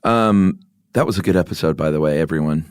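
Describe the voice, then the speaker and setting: A man's voice: very deep voice, brisk, clean tone, no echo, clean studio sound. A man co-hosting a podcast in casual chat, joking and self-deprecating as he tells a story. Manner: joking, self-deprecating, slips into silly voices. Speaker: podcast co-host.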